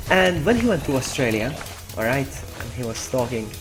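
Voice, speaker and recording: A man talks casually through a game stream, drifting between thoughts and catching his own slips. His voice sits at an ordinary middle pitch. Game music plays clearly behind him the whole time. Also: very animated, slow pace, low-quality recording. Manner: rambling, self-correcting, answers chat aloud. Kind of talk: casual live-stream chat.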